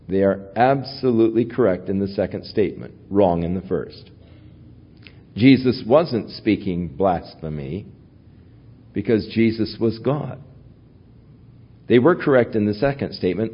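A man preaching a sermon as pastor, teaching from the Bible in a measured way. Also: lowish voice. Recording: dull lo-fi recording.

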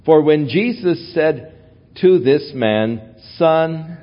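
A man preaching a sermon as pastor, teaching from the Bible in a measured way. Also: medium pitch, big pitch swings. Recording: dull lo-fi recording.

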